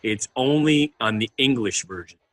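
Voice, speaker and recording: A man's voice: medium pitch, animated, moderate pace, fairly bright tone. A man co-hosting a casual talk show, answering with short, dry quips. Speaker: podcast co-host. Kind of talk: casual chat.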